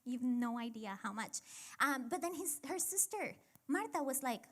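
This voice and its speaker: Woman in her 30s just chatting about faith, kinda high voice, lots of likes and rights. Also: expressive, normal speed, a bit bright. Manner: chatty, reflective, lots of fillers. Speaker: church women's talk host. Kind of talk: casual faith talk.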